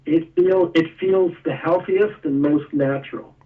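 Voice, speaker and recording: A man's voice: fairly high pitch, unhurried, recorded from a distance, narrow, tinny audio. A man being interviewed, explaining step by step with a few chuckles. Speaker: guest, energy tool maker. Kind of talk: casual interview.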